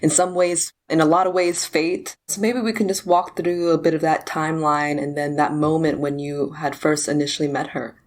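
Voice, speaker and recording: A woman hosting a podcast interview, encouraging her guest with warm affirmations and open questions. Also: low voice, fairly even intonation, normal speed, hardly any pauses. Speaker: podcast host.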